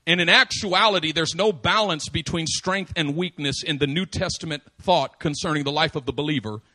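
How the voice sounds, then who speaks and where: A man preaching a sermon, swinging from quiet asides to loud, insistent emphasis and repeating phrases to drive them home. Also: a little high, fairly quick. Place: church service.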